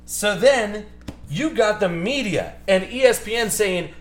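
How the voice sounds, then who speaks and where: A man's voice: high voice, sing-song, fairly bright tone. A man hosting a live card break stream, ranting heatedly about sports media between card calls. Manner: ranting, heated, fast-shifting. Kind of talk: live stream chat while opening cards. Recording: echoey room with music behind.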